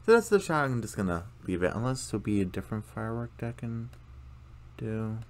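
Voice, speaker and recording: A man with a fairly low voice talks through a cartoon episode in a loose, casual recap. He rambles, full of fillers and restarts. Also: very animated, a little fast. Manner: rambling, many fillers, acts out characters' lines. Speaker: video commentator.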